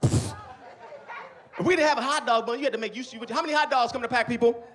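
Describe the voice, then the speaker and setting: A middle-aged man doing a stand-up comedy set on a club stage, with loud, animated storytelling and constant swearing. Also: very high voice, brisk, background noise.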